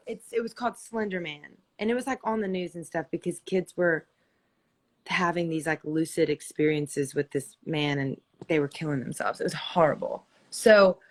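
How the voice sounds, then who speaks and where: A woman's voice: fairly low pitch, expressive, normal speed. A woman hosting a casual live stream chat, enthusiastic and rambling. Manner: enthusiastic, rambling, searches for words.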